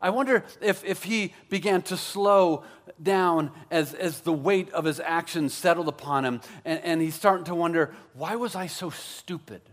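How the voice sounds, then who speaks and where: A man's voice: fairly high pitch, moderate pace. A man preaching a sermon as pastor, conversational and joking, with self-deprecating asides.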